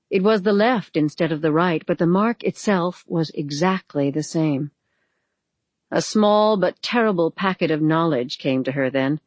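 Audiobook reader, measured dramatic narration, dry close mic, mid pitch. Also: no room sound, highs cut off. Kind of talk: scripted narration of a novel.

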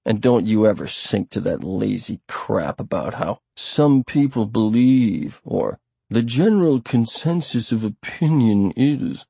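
A man's voice: on the low side, expressive, a little slow, gravelly, dark tone, husky, dry recording, heavily acted. A man reading an audiobook, voicing a stern older journalism professor hammering his rules into a class. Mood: lecturing. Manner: lecturing, hammering points home. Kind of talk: audiobook character voice.

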